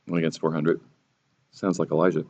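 A man's voice: a bass voice, level tone, a little fast, darkish tone. A man teaching a Bible lesson sermon-style, sarcastic and theatrical, raising his voice for the quoted lines.

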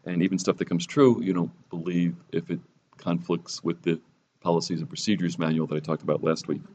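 A man's voice: low voice, level tone, a little fast, darkish tone, slight background noise. A man teaching a Bible lesson sermon-style, sarcastic and theatrical, raising his voice for the quoted lines.

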